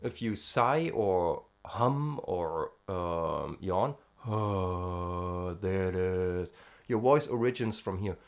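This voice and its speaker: A vocal student vlogger from Europe talks about vocal technique in a casual singing-lesson vlog, hesitant and heavy with fillers, breaking into short sound demonstrations. He has a deep, animated voice and speaks extremely slowly.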